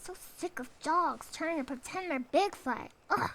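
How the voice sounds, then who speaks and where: Giggly young woman chatting over a game, high pitched, slow talker. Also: fairly bright tone, slight background noise. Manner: playful, giggly, jokey. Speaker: streamer. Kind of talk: casual gameplay commentary.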